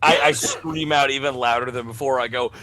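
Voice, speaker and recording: A man playing a tabletop game, rowdy and crude, bursting into yells. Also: medium pitch, fairly even intonation, a little fast, very noisy. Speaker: player. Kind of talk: casual tabletop play.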